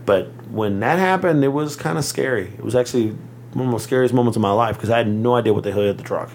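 Man, from texas, podcast co-host, animated storyteller, swears and laughs a lot. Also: mid-range voice, fast talker, gravelly, a little hiss or hum. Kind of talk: casual storytelling chat.

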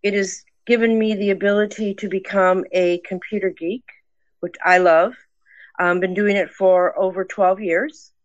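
A woman's voice: mid-range voice, fairly even intonation, normal speed, no echo, muffled recording. An older woman calling into a live podcast, speaking with enthusiastic, rambling energy from a friend's home. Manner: enthusiastic, rambling, self-promoting. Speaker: podcaster guest. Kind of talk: live call-in chat. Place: friends' house with people in the background.

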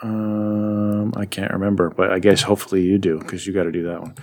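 A man's voice: low voice, level tone, a little mellow. A man hosting a casual chat, retelling a story in a rambling, playful way and briefly voicing the characters. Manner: rambling, playful retelling with quick voiced asides. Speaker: podcast host recapping comics.

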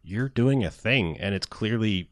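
A man's voice: on the low side, expressive, measured pace, dry recording, studio quality. A man co-hosting a podcast in casual chat, rambling with many fillers, laughing and swearing now and then. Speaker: podcast co-host.

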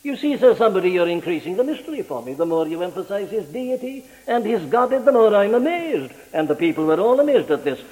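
A man's voice: big pitch swings, fast talker, hardly any pauses, darkish tone, big-room sound, poor audio. A man preaching a sermon with a dramatic, rhetorical delivery, his voice rising and falling sharply. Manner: dramatic, rhetorical preaching with wide swings in pitch and volume.

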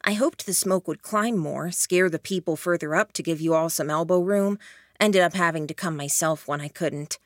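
A sly, teasing young man, read by a woman narrator talks softly and dryly. The voice sits low. The sound is dry and close. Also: normal speed, no echo, lightly acted.

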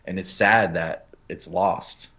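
Man, very low voice, rambling casual podcast chat, swears a lot, dull lo-fi sound. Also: fairly even intonation, slow, sharp tone. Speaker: podcast co-host.

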